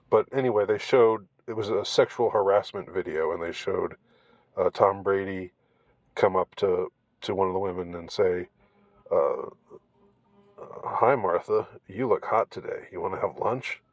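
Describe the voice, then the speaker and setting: A man giving casual commentary on an article, rambling and halting with many restarts, in a wry tone. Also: low voice, no room sound.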